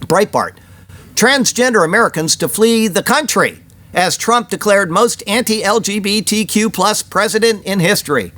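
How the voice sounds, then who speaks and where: A man's voice: high voice, a little slow, sharp tone, a little hiss or hum. A man hosting a weekly news commentary show, chatty and opinionated, with rambling personal asides. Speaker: host of a weekly prophecy news report.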